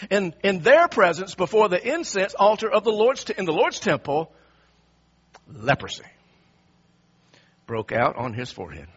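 A man's voice: a little high, very animated, normal speed, breathy edge, lo-fi sound. A man preaching a sermon in an emphatic way, often repeating and restarting his phrases.

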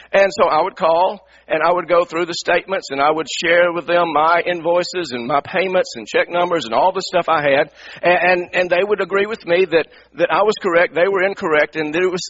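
Middle-aged male pastor, high bright husky voice, animated sermon storytelling, lo-fi radio sound. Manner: animated, repeats words, acts out his own anger. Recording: dull lo-fi radio broadcast.

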